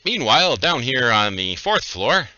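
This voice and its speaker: A man running a livestreamed tabletop game as game master, casual and joking as he gives quick instructions over voice chat. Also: medium pitch, very animated, sharp tone, no room sound, highs cut off.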